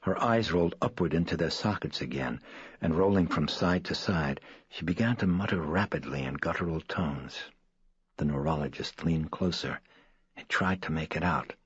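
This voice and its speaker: Super deep guy narrating a horror audiobook, husky voice, kinda muffled. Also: moderate pace, no room sound. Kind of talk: scripted narration. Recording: dull dry studio read.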